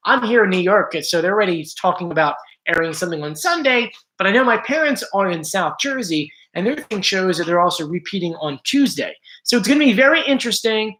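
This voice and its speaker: A man's voice: high-pitched, animated, brisk, few pauses, fairly bright tone. Male stream host, casual and talkative, reads out viewer names, slightly strained voice, home setup. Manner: chatty, greets viewers by name. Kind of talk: casual live-stream chat.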